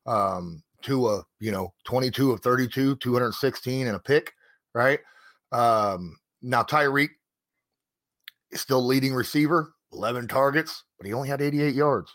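A man's voice: medium pitch, measured pace, a bit bright, no echo, studio quality. A man hosting a casual sports talk show, leading the conversation and citing game stats. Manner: leads the talk, cites stats. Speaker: host.

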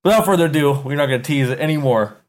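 A man's voice: fairly high pitch, racing. A man co-hosting a casual sports podcast, hyping results and singing out "ding" for each correct pick. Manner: hypes announcements, sings out "ding" on picks. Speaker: podcast co-host.

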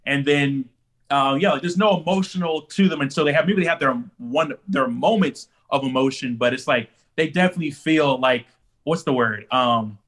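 A man co-hosting a podcast in casual chat, calmly arguing a point. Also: medium pitch, normal speed. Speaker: podcast co-host.

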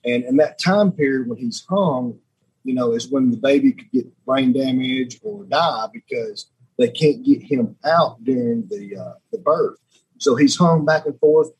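A man, a podcast guest telling a personal story in a halting, repeating way, often dropping quiet. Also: slightly rough, low-quality recording. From Alabama. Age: 30s. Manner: halting, repeats words, voice drops low and quiet when moved. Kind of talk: emotional storytelling.

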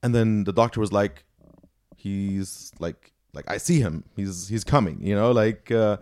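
A man's voice: on the low side, measured pace, a little mellow. A young man, a podcast host, telling a long story in casual chat, packed with "like" and "you know".

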